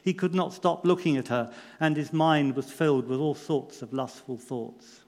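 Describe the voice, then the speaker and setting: A man voicing a stern, authoritative male judge, speaking quietly and in a measured way. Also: fairly high pitch, natural voice. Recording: long reverb in a large hall.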